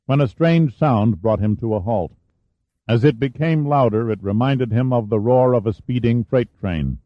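A man's voice: lowish voice, dry recording. Man narrating an audiobook, dull dry sound. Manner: steady, measured reading. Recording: dull dry studio recording.

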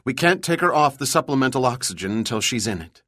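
A man voicing a woman doctor in a hazmat suit who stays calm and reassuring while giving brisk orders. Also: mid-range voice, no echo, studio quality.

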